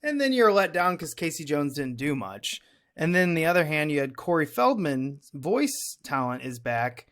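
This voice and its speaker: A man's voice: fairly high pitch, expressive, moderate pace, a bit bright. Chatty man co-hosting a movie podcast. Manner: chatty, rambling, self-deprecating. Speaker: podcast co-host. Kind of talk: casual movie review chat.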